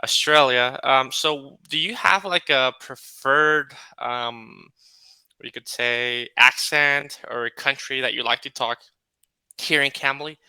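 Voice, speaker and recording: A man's voice: medium pitch, takes it slowly, sharp tone, smooth, no echo. A man chatting as an English tutor on a video call, hesitant and full of fillers. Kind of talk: casual chat on a video call.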